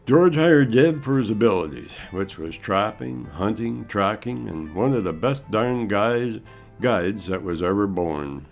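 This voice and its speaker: A man's voice: on the low side, expressive, faint music behind. A man narrating a story in an easy, folksy manner. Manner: folksy, unhurried.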